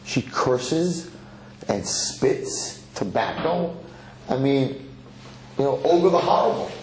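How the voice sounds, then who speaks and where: A man's voice: mid-range voice, lively intonation, slow, a little mellow, a little hiss or hum, voice pushed up. A man telling a parable, voicing a rich castle owner who spoils his son, in an echoey hall. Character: rich father, indulgent master of a castle. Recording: echoey hall, faint ambience.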